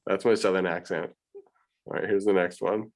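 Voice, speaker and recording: A man's voice: low voice, level tone, moderate pace. A man, an art teacher, chatting casually with his class, hesitant, with many restarts.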